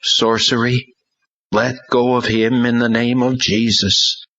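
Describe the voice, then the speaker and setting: Gentle, earnest preacher, husky voice, dull lo-fi audio, as a man reads him. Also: mid-range voice, level tone, takes it slowly, voice pushed up, exaggerated voice. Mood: commanding.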